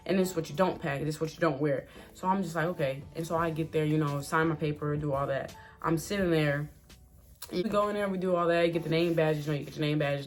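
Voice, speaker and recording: A young woman chatting casually to her viewers as she tells a story, full of "like" and "y'all", with lively ups and downs. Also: low-pitched. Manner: chatty and expressive, fillers like "like", addresses viewers as y'all. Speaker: vlogger telling a story.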